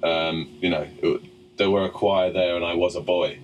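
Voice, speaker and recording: A man's voice: low voice, fairly even intonation, moderate pace, lo-fi sound, background noise. A man hosting a podcast in casual chat, joking and swearing freely. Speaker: podcast host.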